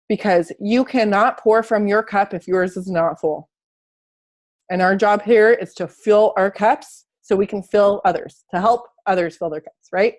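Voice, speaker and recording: A woman's voice: medium pitch, darkish tone. A woman coaching an online group in a casual motivational talk, earnest and encouraging, repeating phrases for emphasis, then chatting loosely with fillers over a video call. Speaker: fitness and life coach.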